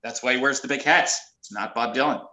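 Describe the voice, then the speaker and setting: A bright, forward man telling darkly comic stories in a deadpan, wry way. He is a journalist guest on a casual show. His remote line carries a roomy echo. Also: medium pitch, fairly quick. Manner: wry, deadpan storyteller with dark humor. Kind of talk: casual storytelling chat.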